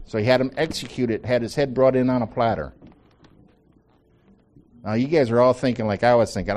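A man's voice: medium pitch, a little fast, pauses often, darkish tone. Man leading a casual Bible study. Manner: conversational, repeats phrases for emphasis, asks the group questions. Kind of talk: informal Bible teaching to a small group.

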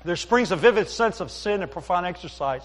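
A man's voice: sits high, animated, a little fast, long reverb tail. A middle-aged man preaching a sermon as pastor, telling folksy stories with asides to the congregation. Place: church sanctuary.

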